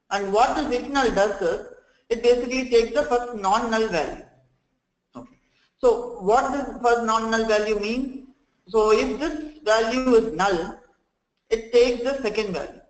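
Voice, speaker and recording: A man running a live software training session, explaining step by step, often saying "okay" and "friends" and restarting sentences. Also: very high-pitched, a little slow, echoey room, poor audio.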